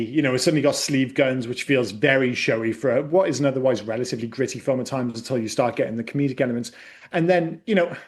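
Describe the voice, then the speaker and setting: A man on a film podcast, ranting and swearing casually as he picks apart a movie. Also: mid-range voice. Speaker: podcast host. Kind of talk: casual film-review chat.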